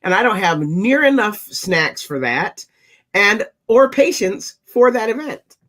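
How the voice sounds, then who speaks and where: A man's voice: high-pitched, big pitch swings, a little slow, a bit bright. A man on a parenting talk panel, joking and chatting casually about family life. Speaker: podcast panelist. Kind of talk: casual chat.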